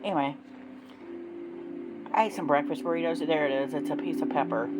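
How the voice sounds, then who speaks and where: A woman's voice: low voice, steady tone, a little fast, rough recording. A woman chatting casually as she shows her new tarot decks, gushing and rambling with many ums. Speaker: tarot deck reviewer. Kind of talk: casual unboxing chat. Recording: background music playing.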